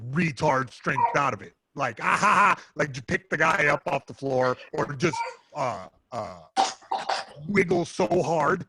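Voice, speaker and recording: A man, a podcast guest, telling animated, joking fight stories in casual chat. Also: medium pitch, creaky, slightly rough, no room sound. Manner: loud, joking, animated storyteller.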